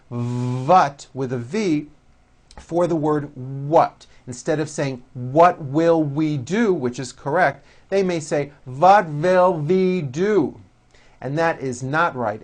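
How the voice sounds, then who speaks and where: A man with a slightly high voice teaches English pronunciation, speaking slowly and over-articulating drill words carefully, then explaining the sounds in between.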